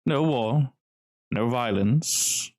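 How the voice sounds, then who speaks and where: A man voicing a tall, distinguished, guarded gentleman who speaks smoothly and calmly. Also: mid-range voice. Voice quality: smooth, velvety. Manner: calm, measured, cagey.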